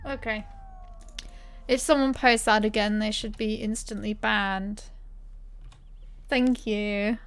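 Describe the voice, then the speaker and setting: A woman's voice: mid-range voice, fairly even intonation, takes it slowly, pauses often, smooth. A woman streaming a game, reading quest text aloud in character voices and chatting casually with her viewers.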